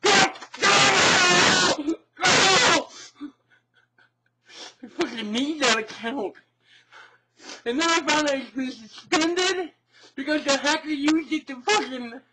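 A man's voice: very high-pitched, animated, slow pace, long pauses, very noisy, heavily acted. An actor playing a tearful young male gamer who rants and curses while crying. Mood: raging. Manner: sobbing rant full of cursing.

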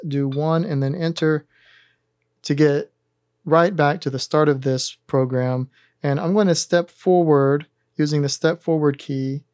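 A man hosting a synthesizer tutorial, calmly talking through each button press in a methodical step-by-step demonstration. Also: on the high side, no room sound, studio quality.

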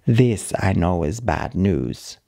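A man calmly reading a short story aloud, narrating in the plain, halting voice of a dog. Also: deep voice, gravelly. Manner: calm, measured reading of a dog's broken-English narration. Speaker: story reader.

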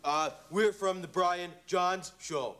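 An actor playing a slow, dim-witted Canadian hoser with a drawling, filler-heavy delivery and a Canadian accent, in a sketch comedy scene. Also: male voice, sits high, bright, forceful tone, clean tone, exaggerated voice. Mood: dopey, earnest. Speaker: TV show co-host.

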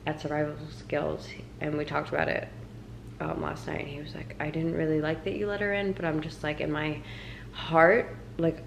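A woman's voice: sits low, creaky, roomy sound, background noise. A young woman vlogging, retelling her story with many fillers. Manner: quiet, subdued retelling. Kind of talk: storytime vlog.

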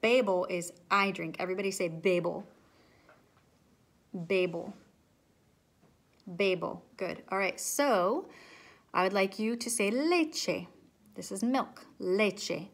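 A woman teaching children, speaking patiently and pausing so they can repeat each word after her. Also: medium pitch. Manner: slow, patient, drills words and waits for repeats. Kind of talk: recorded classroom lesson, call and repeat.

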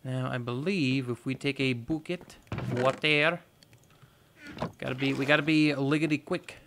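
A man's voice: medium pitch, steady tone, a little slow, noisy background. A man hosting a gaming video, giving casual let's-play commentary and thinking aloud with playful, goofy exclamations.

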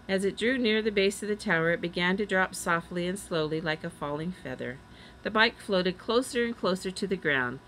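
A woman reading a children's chapter book aloud, doing the children's lines a little higher. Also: fairly bright tone, slight background noise, low-quality recording. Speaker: reader. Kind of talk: storybook read-aloud.

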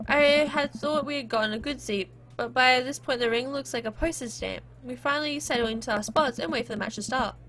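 A woman playing a visual novel and reading its narration aloud in a lively, animated way. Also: a little high. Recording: game music playing behind.

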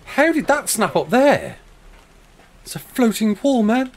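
In a high-pitched, sing-song, unhurried voice, a man from the United Kingdom chats on a live stream. The British host answers viewer questions, laughs often, and keeps calling people mate.

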